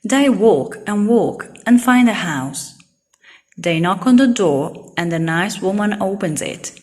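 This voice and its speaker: A woman reading a children's storybook aloud in a clear, simple way for young learners. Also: mid-range voice, lively intonation, takes it slowly. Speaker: storybook reader.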